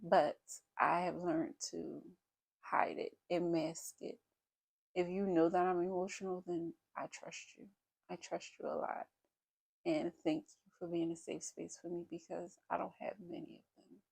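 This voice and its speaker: A woman's voice: fairly low pitch, little pitch movement, a little slow, creaky, a little mellow, husky. A woman in her thirties, a vlogger talking candidly and bluntly to her viewers in a casual confessional style. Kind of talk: casual confessional vlog talk.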